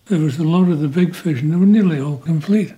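A Scottish man in his eighties, enthusiastic and halting, interviewed at home. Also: on the high side, dark tone. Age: 80s. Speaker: palaeontologist interviewee. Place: his house. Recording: faint background noise.

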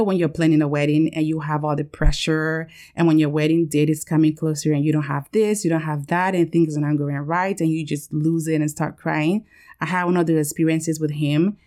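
A woman with a low-pitched voice talks through a personal memory on her podcast. Her delivery is candid and emotional, full of fillers and restarts. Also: darkish tone. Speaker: podcast host. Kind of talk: personal storytelling monologue.

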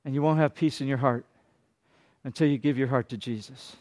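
Delivering a sermon a little fast in a mid-range voice, a male pastor alternates between forceful urgency and soft near-whispers, occasionally slipping into brief impressions of those he quotes.

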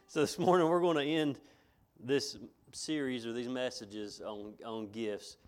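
A middle-aged man preaches to his church in a folksy, homespun way. He circles back over his phrases and chuckles between points. His voice sits at a medium pitch. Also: fairly even intonation, slow. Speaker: pastor. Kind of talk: sermon.

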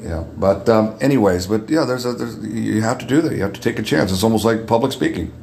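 A man with a deep radio voice, a guest in a casual podcast chat, who often repeats words as he starts a thought. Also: brisk, vocal fry, darkish tone, slight background noise. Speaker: guest, makeup artist.

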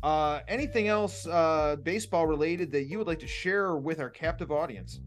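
A man hosting a casual sports betting chat, energetic and excitable, hamming it up, with faint music underneath. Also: a little high, moderate pace. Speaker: podcast host.

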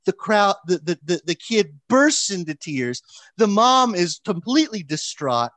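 A man telling a long story in casual chat, animated, with frequent restarts and fillers. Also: sits high, unhurried, no echo.

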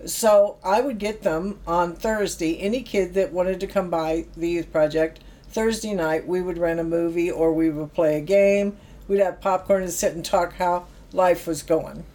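This middle-aged woman's voice sits on the low side, steady, warm and unhurried. She used to work on a youth project and recounts anecdotes from it conversationally, with the occasional laugh.

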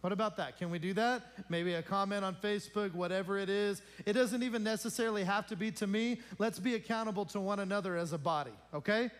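A man's voice: high voice, fast, few pauses. A male pastor making informal announcements to his congregation in a church, joking and chatty and often asking the room questions. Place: church sanctuary.

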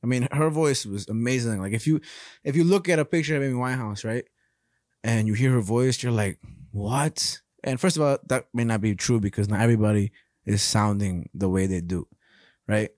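A man's voice: medium pitch, a little fast, dry recording, studio quality. A young man co-hosting a podcast, telling rambling stories in a casual, profane way. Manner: rambling, profane, animated storytelling. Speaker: podcast co-host.

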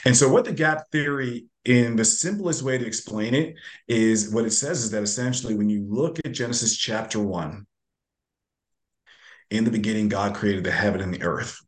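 A man's voice: on the low side, normal speed. A male guest author explaining in casual talk, with plenty of fillers and restarts. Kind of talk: casual chat.

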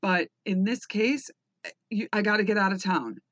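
A woman's voice: mid-range voice, normal speed, no room sound. A woman in her thirties or forties hosting a personal podcast, talking candidly, swearing freely and rambling with restarts. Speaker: podcast host.

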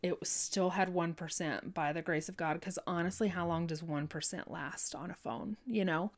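Earnest woman with a low-set voice. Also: fairly even intonation. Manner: halting, restarts often, fillers like "you know" and "like"; earnest, heartfelt. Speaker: person sharing a personal faith testimony. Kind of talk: emotional personal storytelling.

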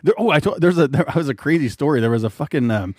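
A man's voice: fairly high pitch, animated, quick pace, darkish tone, no echo, studio quality. A man in his forties, a podcast co-host, chatting casually, laughing often and swearing freely as he rambles through stories. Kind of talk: casual banter.

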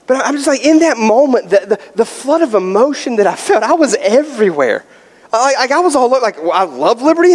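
A man preaching a sermon, telling a story in an animated way with many fillers before turning to scripture. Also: very high-pitched, quick pace. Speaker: pastor. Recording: long hall reverb.

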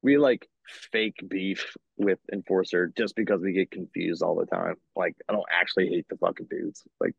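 A man's voice: low-pitched, moderate pace, creaky, slightly rough, no echo. A man, a metal band singer, chatting as a guest and telling stories with animation. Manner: animated storyteller, laughs between lines. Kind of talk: casual chat. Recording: dull lo-fi sound.

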